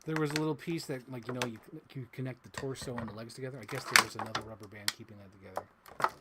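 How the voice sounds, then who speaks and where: A man's voice: mid-range voice, fast talker, very noisy. A man chatting casually while unboxing toys on a livestream, tired and laughing, swearing now and then. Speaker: toy collector streamer.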